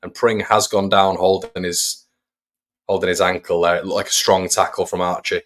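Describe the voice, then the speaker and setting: A man's voice: low voice, level tone, normal speed, fairly bright tone, a little hiss or hum. A man hosting a live fan watch-along, giving casual play-by-play and chatting to viewers between the action. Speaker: fan channel host.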